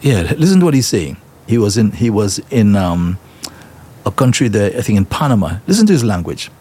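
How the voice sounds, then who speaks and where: A man's voice: on the low side, big pitch swings, a little fast, mellow, breathy edge. A man hosting a current-affairs talk show, opinionated and emphatic, prodding with rhetorical questions.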